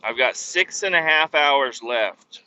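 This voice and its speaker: A truck driver talks from his cab in a loose, rambling way, cursing freely at his failing engine. His voice is bright and forceful, and the recording sounds dull and lo-fi. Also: medium pitch, expressive, takes it slowly. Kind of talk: casual vlog while driving.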